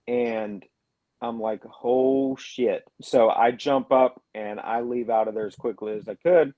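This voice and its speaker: Mellow, earnest male storyteller. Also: medium pitch, a little slow, no room sound, dull audio. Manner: earnest, reflective storytelling, many fillers. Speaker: paranormal investigator guest. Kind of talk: telling a story in a radio interview.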